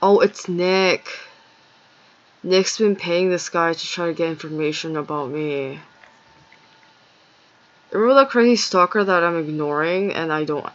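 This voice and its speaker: A woman with a gravelly, fry-heavy voice rambles through an agitated, profane personal story. She speaks in a loose, casual monologue with no script. The recording is dull and lo-fi. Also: low-pitched.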